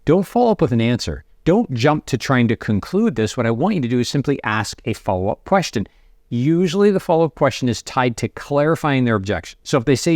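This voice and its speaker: A middle-aged man coaching sales to camera, conversational and energetic, acting out sample lines to prospects. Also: medium pitch, brisk, no echo, clean studio sound. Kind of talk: direct-to-camera coaching talk.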